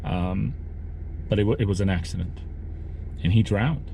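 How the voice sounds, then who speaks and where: A man telling a sad story from his work in a vlog while driving, speaking haltingly with many restarts. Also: lowish voice, gravelly, mellow, a little hiss or hum. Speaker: lawn care business owner vlogging.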